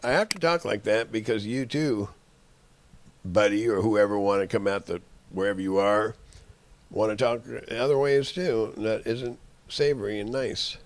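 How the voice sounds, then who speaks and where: A man's voice: lowish voice, moderate pace. A man in an angry, rambling monologue, cursing and making threats at the people he addresses.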